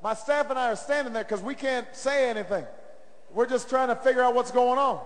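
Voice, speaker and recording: A man's voice: very high voice, fairly quick. Middle-aged man speaking in a big arena. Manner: storytelling that builds into call-and-response chanting. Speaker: presidential candidate. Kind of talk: campaign rally speech. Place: large indoor arena. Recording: long reverb of a large arena.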